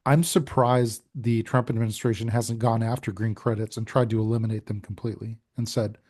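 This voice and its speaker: A man's voice: lowish voice, little pitch movement, fairly quick, a little mellow. A man co-hosting a podcast in a casual chat, easygoing and agreeing often. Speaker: podcast co-host.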